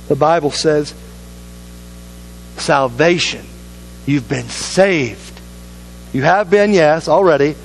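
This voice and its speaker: A man's voice: on the high side, takes it slowly, long pauses, slight background noise, rough recording. A man pastor preaching a sermon in a church, earnest and urging, with repeated appeals to the congregation. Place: church sanctuary.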